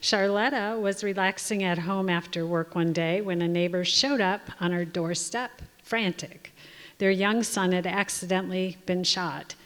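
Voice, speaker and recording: A woman's voice: on the low side, steady tone. Formal woman emcee in a reverberant hall. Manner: formal, measured reading of introductions. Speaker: ceremony emcee. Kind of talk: scripted award announcing.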